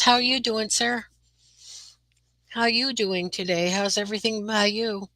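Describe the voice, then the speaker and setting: A woman hosts a relaxed live chat from her room, greeting viewers by name and rambling along with lots of fillers. Her voice is bright and forward. The sound is dry and close, picked up by a computer mic. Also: mid-range voice, unhurried, pauses often, no echo, low-quality recording. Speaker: livestream host.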